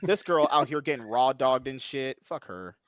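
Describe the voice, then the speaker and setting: A man's voice: mid-range voice, expressive, moderate pace, a bit bright, no room sound. A man co-hosting a podcast, making provocative jokes in casual banter. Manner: provocative, joking. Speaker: podcast co-host.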